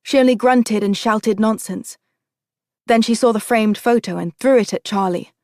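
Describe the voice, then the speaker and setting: A woman reading an audiobook in a steady storytelling voice. Her voice sits a little high and sounds dry and close to the mic. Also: normal speed, dry recording. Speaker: audiobook narrator. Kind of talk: scripted narration.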